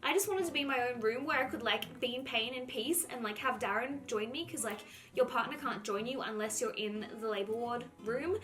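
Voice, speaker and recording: A young woman with a lilt, her voice sitting a touch higher than most, chats to her viewers in an easy storytelling vlog. She scatters "like" through every sentence and slips into quoting herself as she goes. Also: a little fast, a bit bright. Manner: chatty, heavy use of "like", acts out her own past lines. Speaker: vlogger. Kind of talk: casual storytelling to camera.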